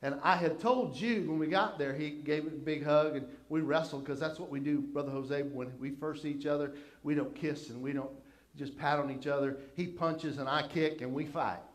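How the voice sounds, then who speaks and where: Folksy older preacher, slightly high voice. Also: male voice, normal speed. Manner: folksy, conversational storytelling. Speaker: pastor. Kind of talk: sermon storytelling.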